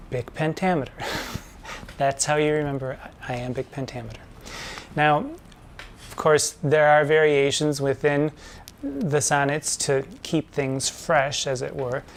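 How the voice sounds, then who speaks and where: A man explaining a lesson at a mid-range pitch, in a measured, teacherly way. He slows right down to spell out each pattern. A faint hum of noise sits behind him. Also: vocal fry. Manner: measured and didactic, slowing to spell out rhyme schemes. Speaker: drag performer hosting a poetry lesson.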